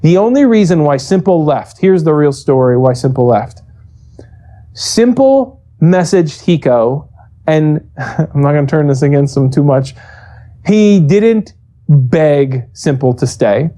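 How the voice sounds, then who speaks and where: A man telling candid stories in an interview, talking fast and animated, swearing freely and acting out quotes in a raised voice. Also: on the high side. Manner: profane, many restarts and repeated words. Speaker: esports coach interviewed.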